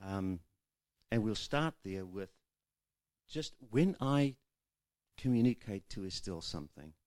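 A man giving a relaxed teaching talk on marriage, telling stories and drawing on a whiteboard. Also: fairly low pitch, no room sound. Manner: chatty, storytelling, acts out quoted voices. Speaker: marriage seminar speaker. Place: room with a whiteboard.

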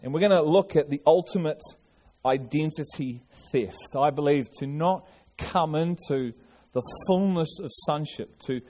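Earnest preacher, fairly high voice. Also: male voice, unhurried, warm tone. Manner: earnest preaching with frequent restarts and repetitions. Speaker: pastor. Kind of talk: sermon.

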